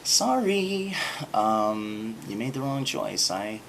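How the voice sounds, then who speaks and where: A casual, mock-apologetic savior breezily condemns a soul, as a man puts him on, in a lowish, quiet, offhand voice with a faint hum behind it. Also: very animated, slow, gravelly, full character voice, poor audio. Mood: mock apology. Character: apologetic male savior sending a soul to hell.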